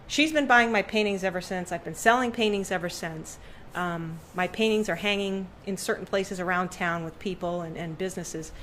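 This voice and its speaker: Speaking at a moderate pace with a fairly bright tone, a middle-aged artist tells a story as a podcast guest in a room decorated with her paintings. When she quotes people she mimics them with sudden pitch leaps, and there's slight background noise.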